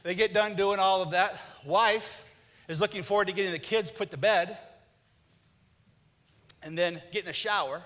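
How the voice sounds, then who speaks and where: A male pastor preaches with animated storytelling. He often drops into quieter, lower voices to act out a husband and wife. His voice sits high and sounds bright. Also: normal speed, long pauses. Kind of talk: sermon with acted-out marriage stories.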